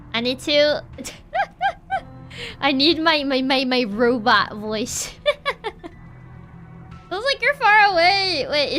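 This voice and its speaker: A woman's voice: sits high, sharp tone. A woman streaming a game, chatting casually and giggling often. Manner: giggly, self-mocking. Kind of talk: casual let's play commentary.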